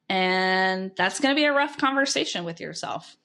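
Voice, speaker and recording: A woman coach talks alone on her podcast in a mid-pitched voice. She is blunt and casual, swearing without hesitation. She peppers her talk with "like" and "right?" as she goes. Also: animated, moderate pace, hardly any pauses, a bit bright. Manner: frank and informal, swears freely, many "like" and "right?" asides. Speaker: life coach, podcast host. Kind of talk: candid solo podcast monologue.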